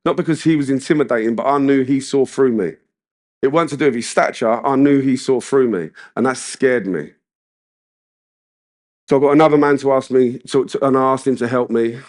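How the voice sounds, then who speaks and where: A British man speaking at a recovery meeting in a loose, chatty storytelling way. His voice sits at an ordinary middle pitch, and he fills his talk with slang and asides to the room. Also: fairly quick. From United Kingdom. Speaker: main speaker at a recovery convention. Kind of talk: personal recovery share.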